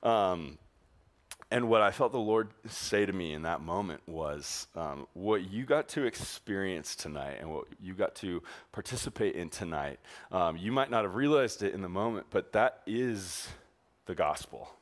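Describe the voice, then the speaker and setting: A young man telling a story in a sermon to a youth group, animated and chatty, full of "like" and "um", laughing as he goes. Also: sits low, normal speed. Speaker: youth pastor.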